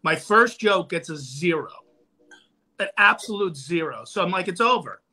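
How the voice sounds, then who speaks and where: A guest comedian in a podcast studio casually tells a stand-up comedy story, animatedly acting out the quotes. His voice sits high and is slightly rough, at a moderate pace.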